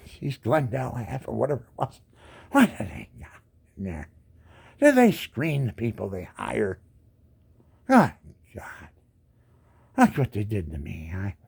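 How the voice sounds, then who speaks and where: Gravelly and husky at a medium pitch, this voice comes from a 70-something disabled veteran. He rants indignantly at the camera, repeating words and asking question after rhetorical question in his angry monologue.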